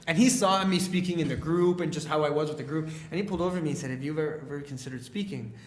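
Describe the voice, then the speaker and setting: In a relaxed podcast interview, a young Canadian man who works as a leadership speaker shares stories in a rapid-fire, slightly high voice. He's animated, leans on lots of fillers, and performs quoted lines, all in a reverberant room.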